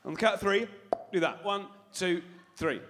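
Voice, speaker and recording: A man's voice: high-pitched, animated, normal speed, a bit bright, slight background noise. A man doing live stand-up comedy on a big concert hall stage, sweary and playful, teasing the crowd.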